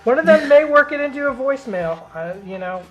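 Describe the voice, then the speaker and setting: A man's voice: very high-pitched, lively intonation, fairly quick, music in the background. A man hosting a casual call-in show, teasing the caller in a playful way. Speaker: host. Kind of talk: casual chat on a live show.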